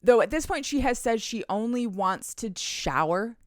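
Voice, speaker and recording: A woman's voice: fairly high pitch, expressive, moderate pace, no room sound, studio quality. A woman podcast host recapping a romance novel in casual chat, chatty, swearing freely and laughing often.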